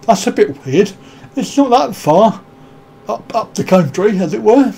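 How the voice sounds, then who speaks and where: A man's voice: sits high, lively intonation, unhurried, creaky, dark tone, breathy edge. A man hosting a casual live stream, rambling and joking as he greets viewers by name and answers their comments.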